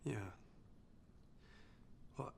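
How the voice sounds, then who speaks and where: An actor in a comedic short film playing a calm boyfriend who keeps reasoning and trying to fix things. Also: male voice, extremely slow.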